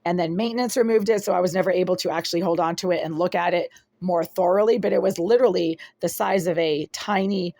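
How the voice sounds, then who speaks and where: A woman records a complaint vlog on her phone inside a small apartment, her voice sitting low. She talks insistently, circling back and stacking descriptor after descriptor. The sound is dry and close, with little room echo. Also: fast talker, vocal fry, warm tone. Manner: insistent, repetitive, piling up descriptors. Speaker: vlogger filming her apartment. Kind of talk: agitated first-person complaint vlog.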